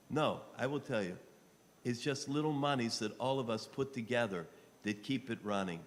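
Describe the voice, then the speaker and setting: Man, fundraising appeal, pleading, bright forceful voice, long hall reverb. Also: medium pitch, brisk. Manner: pleading, rising to shouts. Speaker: rabbi appealing for donations. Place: telethon studio.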